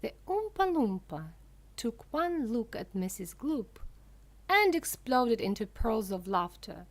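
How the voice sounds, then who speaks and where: A woman reading a children's book aloud, expressive and measured. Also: fairly high pitch. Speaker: storyteller.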